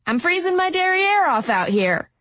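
A woman voicing a cunning older homeless woman in an audiobook, who talks in a slow, husky, chiding drawl. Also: mid-range voice, very animated, fairly bright tone, dry recording. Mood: wheedling. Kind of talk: audiobook narration.

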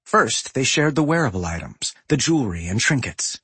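A man narrating a fantasy story in an expressive, lively storytelling manner. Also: mid-range voice, normal speed, slightly rough, dry recording. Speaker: audiobook narrator. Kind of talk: scripted narration.

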